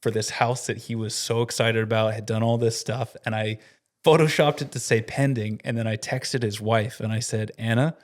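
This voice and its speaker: A man co-hosting a casual company podcast, telling a story in an animated way and often breaking into laughter. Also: fairly low pitch, moderate pace. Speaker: podcast co-host and company staff member.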